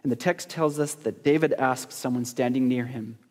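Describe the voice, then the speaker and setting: A man's voice: mid-range voice, moderate pace, a little mellow. A man preaching a sermon as pastor, talking in a conversational, joking way and putting questions to the congregation. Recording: long hall reverb.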